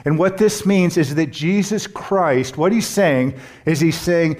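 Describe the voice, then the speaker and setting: A man preaching a sermon as a pastor and Bible teacher, earnest and emphatic, putting questions to his congregation and slowing down to stress key words. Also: on the high side, darkish tone.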